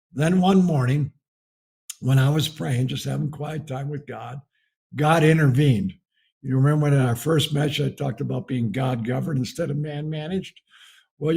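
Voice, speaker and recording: A man's voice: a little high, gravelly, darkish tone, slightly rough. A man preaching a marriage message as a folksy story and chuckling often as he tells it. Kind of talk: storytelling sermon.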